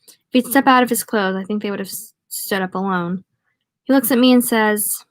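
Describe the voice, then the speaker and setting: A woman's voice: medium pitch, normal speed, no echo. A woman reading a novel aloud in a casual way, now and then stopping to add wry comments of her own. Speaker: audiobook reader. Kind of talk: casual read-aloud with asides.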